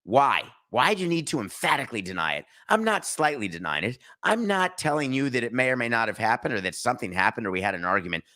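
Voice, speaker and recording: A man's voice: mid-range voice, very animated, fast, hardly any pauses, pushed and bright. A middle-aged man hosting a solo sports podcast, speaking indignantly, firing rhetorical questions and mockingly reading out statements. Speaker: podcast host. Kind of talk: opinionated solo sports commentary.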